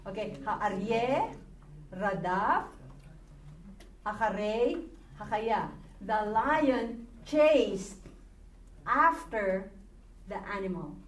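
A woman's voice: mid-range voice, animated, drawn-out words, pauses often, slight background noise. A woman teaching a Hebrew grammar lesson to a class, patiently repeating words and prompting students to read along. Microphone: recorded from a distance. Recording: echoey room, distant mic, faint ambience.

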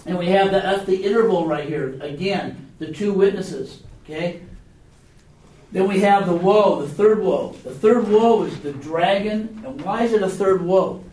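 Unhurried and a little mellow, his high-pitched voice leads a casual Bible class in which he keeps checking in with students by asking questions. The mic is far away in an echoey room.

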